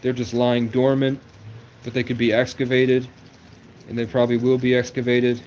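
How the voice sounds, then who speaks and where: A man's voice: mid-range voice, completely flat delivery, moderate pace, a little mellow, slight background noise. A man in his twenties from New England, talking in a rambling livestream monologue that jumps from one conspiratorial topic to the next. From New England, USA. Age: 20s.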